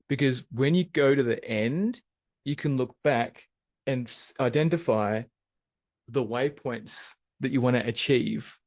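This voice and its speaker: A man's voice: mid-range voice, dry recording, studio quality. A man giving a live webinar talk, asking the audience questions and posing them as he goes. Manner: animated, asks the audience questions. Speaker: webinar presenter.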